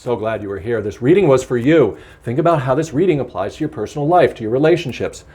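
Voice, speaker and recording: A man giving a spiritual card reading to his viewers, earnest, gentle and encouraging, slowing down to stress key words. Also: mid-range voice, expressive, slightly rough. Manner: acts out angry outbursts with a laugh. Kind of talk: solo tarot-style card reading.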